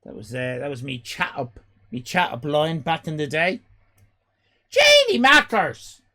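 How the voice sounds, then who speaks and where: An Irish man in his fifties hosting a live stream, loud and exclaiming, swearing and joking as he reacts to chat. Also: fairly high pitch, huge pitch swings, measured pace. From Ireland. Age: 50s. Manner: loud, exclaiming, swears and jokes, rambling restarts.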